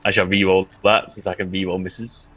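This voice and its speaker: A man's voice: sits low, flat delivery, brisk, fairly bright tone, highs cut off. A man playing a tabletop role-playing game, slipping into theatrical in-character lines. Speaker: player.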